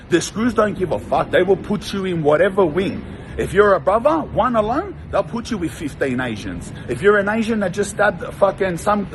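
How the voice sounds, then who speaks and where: A man's voice: high voice, a little hiss or hum, low-quality recording. A young Australian man, a former prisoner, telling stories in a blunt, profane, rambling way full of slang. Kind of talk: casual monologue.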